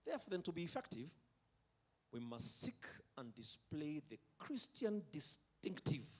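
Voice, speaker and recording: A man's voice: on the high side, sing-song, slightly rough. A man preaching a sermon at a concert, emphatic, drawing out key words and having the audience repeat lines after him. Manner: emphatic, drawn-out delivery with call-and-response. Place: concert venue.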